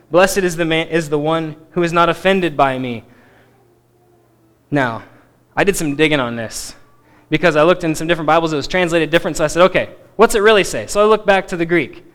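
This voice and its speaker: A man teaching a Bible passage in a sermon, stressing key words emphatically and dropping to quiet asides. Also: a little high, smooth. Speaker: preacher.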